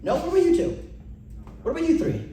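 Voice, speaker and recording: Recorded from far off in an echoey comedy club, a brash young male comedian does loud crowd work on stage. He talks quickly, his pitch swinging widely as he performs bits, with heavy room echo and slight background noise.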